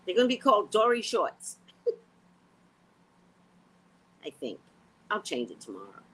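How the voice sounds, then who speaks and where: A woman's voice: medium pitch, a little slow, husky. A woman psychic hosting her own vlog, rambling bluntly and casually. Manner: animated, blunt, sings and repeats phrases.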